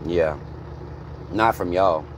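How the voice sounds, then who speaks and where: A man's voice: low-pitched, takes it slowly, a little hiss or hum. An American man in his thirties, bluntly ranting on a vlog with heavy swearing from inside a car. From United States. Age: 30s. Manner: heated, blunt, swearing freely. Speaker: vlogger. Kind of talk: profane ranting commentary.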